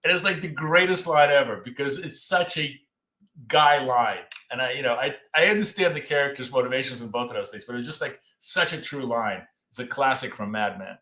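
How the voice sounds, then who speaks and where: Man, live trading chat, casual and blunt, swears a lot, forceful bright voice, roomy echo. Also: medium pitch, fairly quick. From Russia. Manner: blunt, joking, swears freely. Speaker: trading show co-host.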